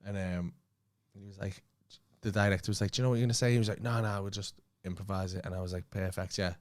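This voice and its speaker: A man with a Liverpool accent, a comedian co-hosting a podcast, telling a story in an animated way, swearing freely and acting out what other people said. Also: deep voice, fast. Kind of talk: casual anecdote telling.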